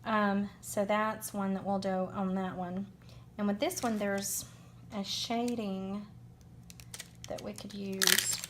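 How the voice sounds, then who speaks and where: A woman's voice: medium pitch, flat delivery, slow, noisy background. A woman with a Southern US accent giving an unscripted card-making demo, chatty and rambling as she thinks aloud.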